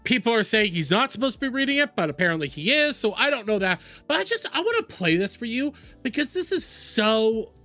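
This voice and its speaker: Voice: mid-range voice, very animated, fairly quick, few pauses, sharp tone, faint music behind. A streamer doing live reaction commentary, profane, sarcastic and mocking.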